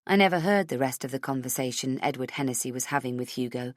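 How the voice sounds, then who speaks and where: A woman's voice: a bass voice, fast talker, hardly any pauses, no echo, clean studio sound. A woman narrating a thriller audiobook in the first person, with tense, urgent storytelling.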